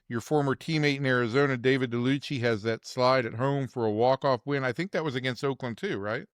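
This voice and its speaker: A man co-hosting a sports podcast, talking in a measured, reflective way. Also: medium pitch, dry recording, studio quality. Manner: measured, reflective, repeats words as he thinks. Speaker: podcast co-host, sports reporter. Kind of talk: casual sports chat.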